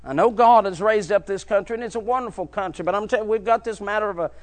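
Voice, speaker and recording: A man preaching a fervent sermon, dropping low and quiet, then building to shouted peaks. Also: fast talker, hardly any pauses. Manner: swings from hushed low drops to shouted high climaxes.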